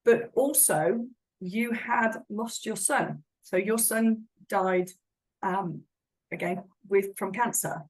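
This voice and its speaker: A middle-aged woman hosting a casual interview, speaking gently and attentively. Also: mid-range voice, slow pace, poor audio. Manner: gentle, attentive, quietly affirming. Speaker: podcast host.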